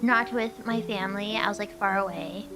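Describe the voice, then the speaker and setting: A woman's voice: medium pitch, normal speed. A woman streamer chatting casually, rambling through stories and giggling often. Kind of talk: casual chat. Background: background music.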